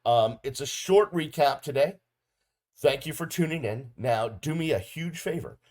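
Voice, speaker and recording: A man's voice: mid-range voice, a little slow. A middle-aged man hosting a podcast, giving a casual solo game recap with plenty of ums and uhs. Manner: casual, relaxed delivery with frequent ums and uhs. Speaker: podcast host. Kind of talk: solo sports recap video.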